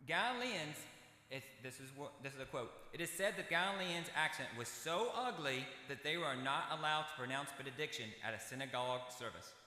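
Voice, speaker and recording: A man's voice: on the high side, bright, forceful tone. An American man preaching a sermon in a church, reading scripture and adding folksy, conversational asides. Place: church sanctuary. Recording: echoey church hall.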